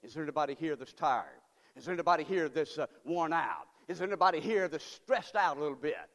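A male pastor preaching with a high, swooping voice that leaps and dips through every phrase. He drives his points home through fervent repetition and questions thrown to the congregation. The sound rings with a long reverb from a church sanctuary. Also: animated, fast talker, fairly bright tone. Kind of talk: sermon.

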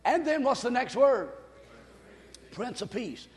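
An older man preaching a sermon with exuberant energy, whooping, laughing and shouting at the peaks. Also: very high-pitched, sing-song, takes it slowly, long reverb tail. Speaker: pastor.

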